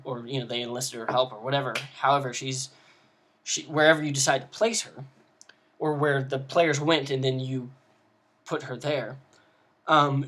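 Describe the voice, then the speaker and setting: A man's voice: mid-range voice, a bit bright. A man giving casual advice on running tabletop games, rambling with many fillers and restarts. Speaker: game master giving advice. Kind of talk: casual video lesson.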